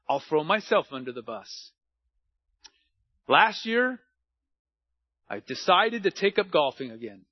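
A middle-aged man preaches in a relaxed, conversational sermon, weaving in personal stories and poking fun at himself. His voice sits high for a man. The recording is dry and slightly muffled. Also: unhurried, pauses often, dry recording. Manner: conversational preaching with personal anecdotes and self-deprecating humor. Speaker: pastor.

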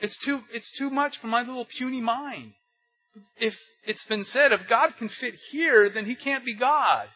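An older pastor preaches in a high, husky voice, talking his listeners through the text with rhetorical questions and anecdotes. The sound is dull and lo-fi. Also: normal speed, soft background music. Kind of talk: conversational sermon. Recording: dull lo-fi recording.

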